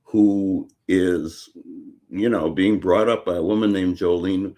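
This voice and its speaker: An older man from Chicago, a guest author talking in a casual interview, halting with many fillers and restarts. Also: deep voice, fairly even intonation, dark tone.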